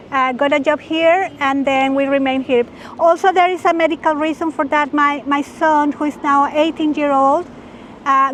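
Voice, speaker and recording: High-voiced woman, measured. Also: fairly bright tone, slight background noise. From Mexico. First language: Spanish. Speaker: interviewee, academic. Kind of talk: casual interview.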